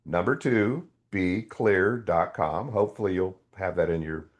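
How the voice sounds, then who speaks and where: A man's voice: low-pitched, unhurried. A man in his sixties, a guest author animatedly telling a story in a podcast interview. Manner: animated storytelling with quoted dialogue.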